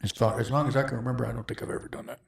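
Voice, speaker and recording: A man's voice: medium pitch, fairly even intonation, rapid-fire, gravelly. A man hosting a podcast, telling a story in casual chat, rambling, breaking off mid-sentence and laughing often. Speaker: podcast host.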